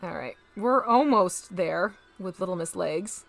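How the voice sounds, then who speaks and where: A woman's voice: on the low side, expressive, measured pace, gravelly, a bit bright, soft background music. A woman hosting a casual live stream, chatting to viewers as she paints miniatures and talks through each step.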